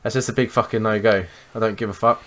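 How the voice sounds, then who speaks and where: Man, podcast co-host, blunt, heavy swearing, animated storytelling. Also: fairly low pitch, fast talker. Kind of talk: casual advice chat.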